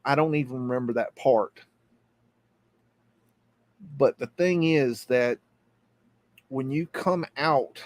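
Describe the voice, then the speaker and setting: A middle-aged man hosting a live stream, telling a personal story in a halting, earnest way. He restarts and repeats words as he goes, and points things out on a map. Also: medium pitch, a little mellow. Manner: tells the story while pointing at a map on screen. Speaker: host.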